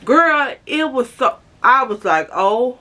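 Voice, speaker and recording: Young woman, storytime vlog, dramatic and chatty, slow unhurried delivery. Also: fairly high pitch, lively intonation, pushed and bright. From Chicago, USA. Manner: dramatic, chatty, keeps calling viewers "girl". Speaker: vlogger.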